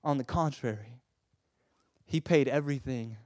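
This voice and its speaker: A man preaching a sermon with passion, swinging from loud urging to a soft hush and often stammering and repeating words. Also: mid-range voice, moderate pace, dry recording, clean studio sound.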